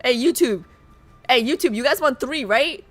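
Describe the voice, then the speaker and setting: Excitable, high-voiced woman streamer. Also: moderate pace, faint music behind. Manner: chatty, excitable, addresses chat. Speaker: livestreamer. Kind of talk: casual live-stream chat and reading aloud.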